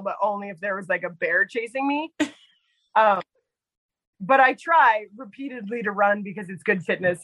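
A woman guest telling casual stories in an animated way, full of quoted dialogue and fillers. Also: medium pitch, no echo, poor audio. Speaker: guest storyteller. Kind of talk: casual storytelling.

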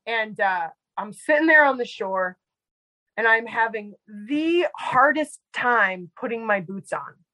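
A woman's voice: fairly high pitch, lively intonation, slow, sharp tone, dry recording, poor audio. A woman guest telling a personal story in casual conversation, chatty and full of "like" and fillers. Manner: chatty, heavy use of "like" and fillers. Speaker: podcast guest; medical provider.

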